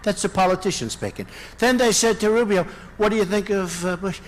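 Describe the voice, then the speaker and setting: A man's voice: high-pitched, brisk, few pauses, rough recording. A man in his sixties, a presidential candidate giving a campaign rally speech in a large indoor venue, rambling and repetitive with boastful asides. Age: 60s.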